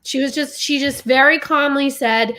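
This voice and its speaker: Woman on a podcast, bright higher voice, heartfelt and open, keeps laughing. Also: steady tone, normal speed. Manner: candid, heartfelt, laughs often. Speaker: podcast co-host. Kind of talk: emotional casual chat.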